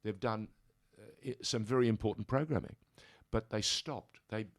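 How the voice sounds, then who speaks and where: An older Australian man from Sydney, a radio interview guest in a studio, telling animated stories and mimicking voices as he goes. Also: fairly low pitch, moderate pace, no room sound. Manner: animated storyteller who mimics voices in anecdotes.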